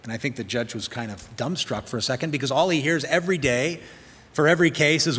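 A man preaching a storytelling sermon at a middle pitch. He drops into a softer voice for quoted lines. His voice rings with a long hall reverb. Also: brisk. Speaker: pastor.

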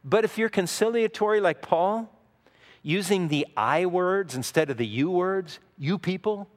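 A man's voice: high voice, measured pace. A man preaching a sermon as a pastor, teaching in an earnest, conversational way with frequent asides. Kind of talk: expository sermon. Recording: long reverb of a large hall.

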